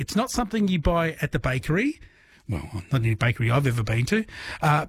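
Aussie radio host guy, slightly high, husky, chatty quiz banter. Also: dry recording. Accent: Australian. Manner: chatty, laughs easily, repeats phone number. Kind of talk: late-night radio quiz chat.

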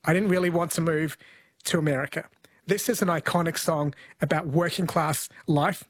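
A man's voice: a little high, fairly even intonation, normal speed, no echo. A man hosting a talk show, explaining things in an earnest, chatty way. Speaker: podcast host. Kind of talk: casual chat, explaining.

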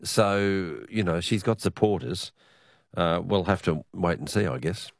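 A hoarse man hosting an evening radio news program, talking with frequent restarts. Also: deep voice, no room sound, studio quality. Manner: halting, many restarts.

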